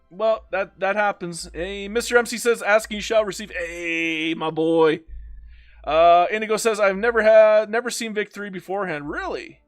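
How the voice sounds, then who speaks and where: A man with a fairly high voice streams a strategy game live. He chats casually, jokes with his viewers and reads their comments aloud. Faint music plays underneath. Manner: joking, talks to himself and reads chat aloud.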